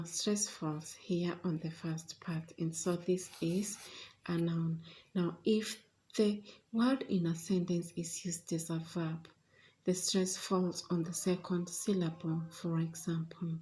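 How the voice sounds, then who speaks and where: Female teacher, lowish voice, very slow and deliberate delivery, lesson style. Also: fairly even intonation, warm tone, a little hiss or hum. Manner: deliberate, measured, with frequent uh fillers. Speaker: English pronunciation teacher.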